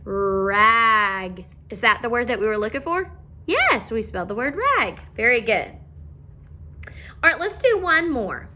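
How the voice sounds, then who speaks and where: Young woman teacher, slow sing-song phonics lesson, bright voice, bit of background hiss. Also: fairly high pitch, sing-song.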